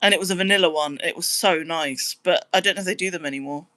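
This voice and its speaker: A woman's voice: fast, pushed and bright, dry recording. A young British woman chatting casually on a livestream, reading out viewer comments in an upbeat way. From Britain. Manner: chatty, upbeat, squeals high when surprised. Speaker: livestreamer and musician.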